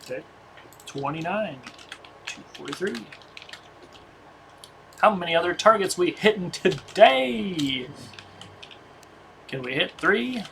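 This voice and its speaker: A man's voice: sits high, animated, measured pace, gravelly, long pauses, fairly bright tone, a little hiss or hum, poor audio. Man muttering numbers over gameplay. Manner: muttering numbers while testing. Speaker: streamer. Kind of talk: casual gameplay commentary.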